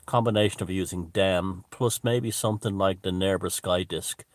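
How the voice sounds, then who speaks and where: Deep-voiced man rambling on a livestream. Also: steady tone, normal speed, dry recording. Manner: rambling and digressive, many fillers. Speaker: livestream host. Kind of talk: casual livestream chat reading viewer comments.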